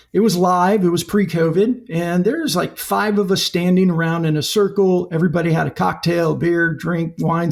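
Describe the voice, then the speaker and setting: Podcast guest, man, high and raspy-gravelly; animated anecdotal storyteller. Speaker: podcast guest, company founder. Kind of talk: conversational storytelling.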